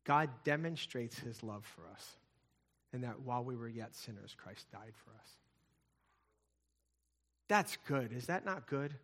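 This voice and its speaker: Bright-voiced man preaching a sermon. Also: medium pitch, lively intonation, measured pace, long pauses. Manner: storytelling preacher, swings from loud to hushed. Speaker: pastor.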